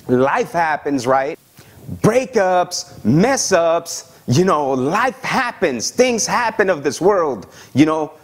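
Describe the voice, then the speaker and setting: A male pastor preaching a sermon in a conversational, animated way, often checking in with "okay?" and acting out the voices of the people he describes. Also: on the high side. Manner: acts out voices of excited young believers.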